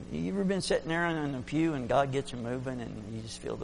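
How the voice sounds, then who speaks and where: A man preaching a fervent sermon, swinging between loud exclamations and hushed asides. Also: medium pitch, fairly quick, creaky, hardly any pauses, background noise.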